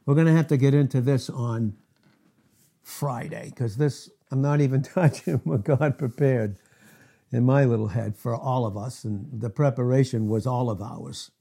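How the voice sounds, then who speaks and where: A middle-aged man preaching a sermon as pastor, emphatic, asking rhetorical questions and swinging from loud to hushed. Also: medium pitch, moderate pace, vocal fry, breathy edge.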